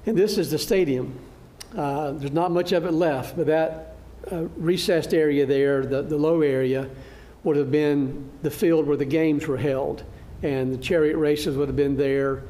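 A man teaching a church Bible class, lecturing through a slide show in a halting way, with frequent fillers and restarts. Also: a little high, steady tone, dark tone, slight background noise. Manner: good-humored, laughs at his own slip.

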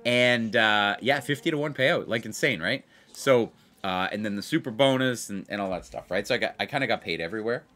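Talking fairly quickly in a fairly low voice, a male host plays blackjack on video, keeping up excited, casual chatter. He addresses his viewers directly throughout and repeats things to stress them.

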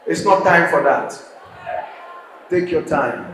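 A high-pitched man with a Ghanaian accent lectures students like a preacher, hammering points through repetition and sudden shouts. His voice rings around a large echoey hall, and a faint background hum stays under it. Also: lively intonation, slow pace, a crowd in the background. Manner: emphatic, repetitive, bursts into shouts. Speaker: motivational speaker addressing students. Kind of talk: preaching-style speech to a school crowd.

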